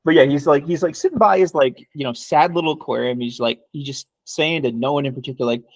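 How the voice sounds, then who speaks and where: A man's voice: fairly high pitch, fast talker, no echo. A man co-hosting a casual film review chat, loose and jokey, swearing freely. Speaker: podcast co-host.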